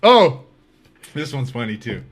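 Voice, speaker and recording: A man hosting a podcast, telling stories in a casual, animated way and laughing often. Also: mid-range voice, moderate pace. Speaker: podcast host. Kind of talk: casual storytelling.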